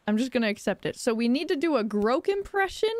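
A young woman live-streaming a game playthrough, playful and giggly, reacting out loud. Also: on the high side, very animated, fast talker.

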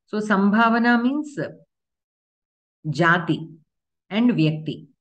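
A woman's voice: mid-range voice, lively intonation, slow, a bit bright. A woman teaching Sanskrit grammar in an online class, explaining patiently step by step with examples.

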